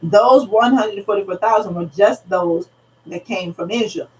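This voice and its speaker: A woman's voice: medium pitch, moderate pace, a little mellow. A woman pastor teaching a Bible study in an earnest, conversational way, retelling scripture in everyday speech. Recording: slightly distant mic, faint background noise.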